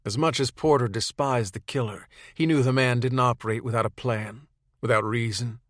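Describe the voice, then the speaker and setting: A man reading a third-person audiobook chapter in a steady, matter-of-fact way. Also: mid-range voice, normal speed, no room sound, studio quality. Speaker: audiobook narrator.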